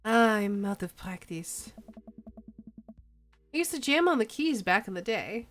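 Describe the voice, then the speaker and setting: A woman voicing a gentle, grieving male coffee-shop dad and former musician in a dating game, speaking softly and wistfully. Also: mid-range voice, big pitch swings, unhurried, faint music behind. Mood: playful.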